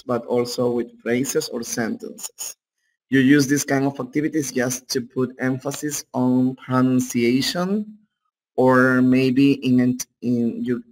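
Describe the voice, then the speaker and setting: Slow-talking man with Peruvian Spanish accent. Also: mid-range voice, a little mellow, rough recording. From Peru. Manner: unhurried, checks in with "okay?". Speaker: English teacher. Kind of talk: online class lecture.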